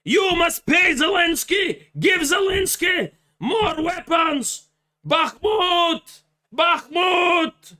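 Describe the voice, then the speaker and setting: A man putting on a wildly shrill, bright-toned caricature of a desperate president. He shouts nonstop in clumsy broken English and drags his words out slowly, always ranting at full volume. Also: lively intonation, full character voice. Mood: frantic. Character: frantic male wartime head of state begging for cash. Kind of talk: comedic impression on a livestream.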